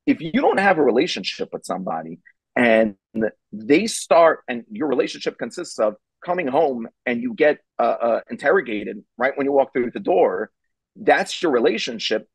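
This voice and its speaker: A middle-aged man speaks with a gravelly, slightly husky voice, in a dry close sound. He tells stories casually and animatedly, full of fillers and acted-out voices. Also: medium pitch, big pitch swings, moderate pace, no echo, rough recording. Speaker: rabbi and parenting speaker. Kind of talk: storytelling on a charity broadcast panel.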